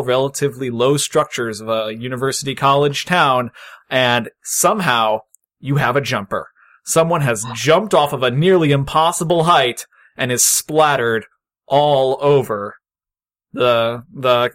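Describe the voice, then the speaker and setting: A man's voice: medium pitch, a little slow, fairly bright tone. A man narrating as game master of a tabletop role-play game in a casual, wry way.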